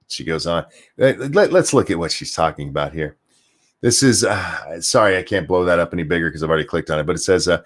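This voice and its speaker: A male commentary host rants sarcastically and swears freely. His voice sits low but swings widely in pitch. He often stumbles and restarts his sentences as he reacts. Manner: sarcastic, profane, stammering restarts. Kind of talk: ranting commentary stream.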